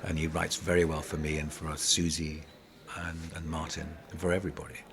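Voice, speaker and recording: A middle-aged man, a pantomime actor, telling animated, rambling stories in an interview, full of restarts. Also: very deep voice, a little fast, vocal fry. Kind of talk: casual interview storytelling.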